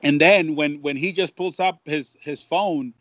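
Animated man, dry and lo-fi. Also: fairly high pitch, a little slow, no room sound. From Mexico. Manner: animated storyteller, many restarts and repeats. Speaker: Spanish-language baseball broadcaster. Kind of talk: casual storytelling interview. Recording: dull lo-fi dry sound.

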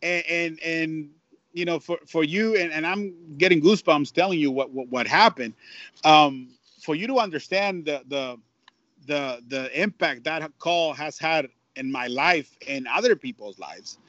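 Animated man, dry and lo-fi. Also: fairly high pitch, measured pace, no room sound. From Mexico. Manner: animated storyteller, many restarts and repeats. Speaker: Spanish-language baseball broadcaster. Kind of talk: casual storytelling interview. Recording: dull lo-fi dry sound.

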